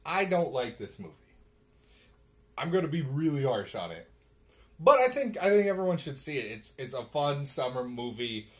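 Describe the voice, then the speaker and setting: A man's voice: medium pitch, sing-song, moderate pace. A young man co-hosting a casual movie review chat, blunt and joking. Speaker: podcast co-host.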